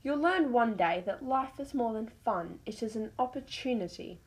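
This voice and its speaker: Storybook, wise female wolf, mentor, calm, stern, measured, woman reading. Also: on the high side, voice pushed up, poor audio. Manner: measured, instructive.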